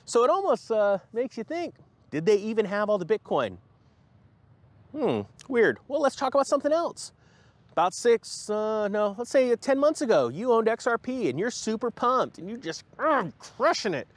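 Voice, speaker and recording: Animated man hosting a crypto vlog. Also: high voice, normal speed, no room sound. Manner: animated and jokey, mocks companies in put-on voices. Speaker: host of a crypto finance channel. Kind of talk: casual vlog commentary.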